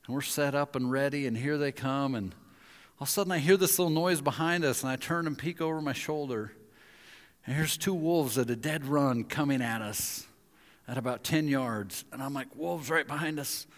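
A male pastor gives a sermon, turning hunting stories into lively scenes where he acts out each speaker. He sits in the middle of the male pitch range, and his voice carries a long hall reverb. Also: moderate pace. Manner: animated storyteller acting out quoted voices. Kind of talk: sermon with storytelling.

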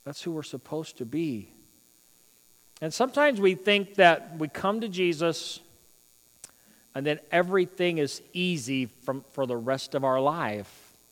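A male pastor preaching a sermon, swinging between loud, emphatic runs and quiet, joking asides. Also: fairly high pitch, expressive, unhurried, long pauses. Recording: long reverb of a large hall.

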